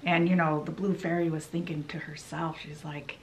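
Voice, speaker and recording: A woman's voice: low voice, flat delivery, moderate pace, low-quality recording. Chatty woman retelling a story. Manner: chatty, loose with lots of "she's like". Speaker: book vlogger. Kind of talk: casual book summary retelling.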